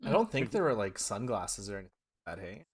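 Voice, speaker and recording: A man co-hosting a live hockey podcast, chiming in with dry, deadpan quips. His voice sits a little lower than most men's. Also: fast talker. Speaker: podcast co-host. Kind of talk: casual chat watching a hockey game live.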